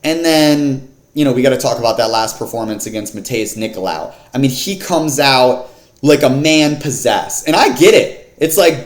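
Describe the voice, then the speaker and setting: A man's voice: mid-range voice, lively intonation, normal speed. A man casually breaking down an MMA fight card in slangy, filler-heavy talk. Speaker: MMA fight picks vlogger. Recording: echoey room.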